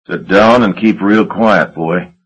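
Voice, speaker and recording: A menacing henchman threatens in a flat, quiet drawl, as a male narrator puts him on. The voice is low, husky and slow. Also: exaggerated voice, rough recording. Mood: threatening.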